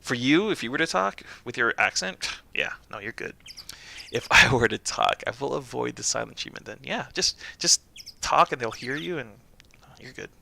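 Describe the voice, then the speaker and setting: Young guy streaming a game, jokey and animated, raspy fry, bright voice. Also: medium pitch, normal speed, slight background noise. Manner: joking, animated, puts on voices. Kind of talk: casual let's-play chat.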